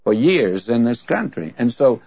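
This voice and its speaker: A man's voice: medium pitch, sing-song, normal speed, creaky, a little mellow, husky, no room sound. A man teaching from the Bible in a conversational sermon, telling stories in a folksy way and asking rhetorical questions. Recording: dull, dry lo-fi recording.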